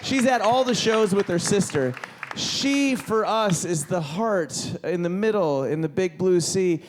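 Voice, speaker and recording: A man hosts a live concert from the stage, his voice pitched a little high as he rambles through thanks and announcements. He keeps restarting his sentences and sounds loose and unscripted. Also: a little slow, a crowd in the background, background noise. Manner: rambling, self-interrupting, enthusiastic. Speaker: event host. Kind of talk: casual stage emcee talk.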